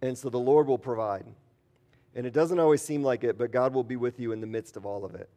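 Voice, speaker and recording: A man's voice: mid-range voice, fairly quick, dark tone. A man preaching an earnest sermon as pastor, telling stories and acting out quotes. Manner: earnest, storytelling with acted quotes.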